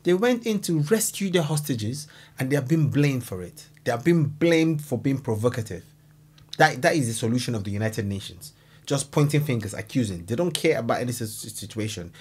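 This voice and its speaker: A man reacting to a documentary video in casual, animated commentary, exclaiming and laughing. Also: mid-range voice, brisk, slightly rough. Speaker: reaction host.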